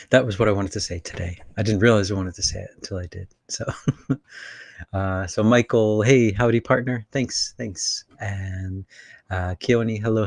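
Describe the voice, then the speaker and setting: A man hosting a live spiritual channeling session, talking casually from his room in a rambling way with many fillers and animated bursts. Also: fairly low pitch, dry recording, clean studio sound. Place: his room with air conditioner on.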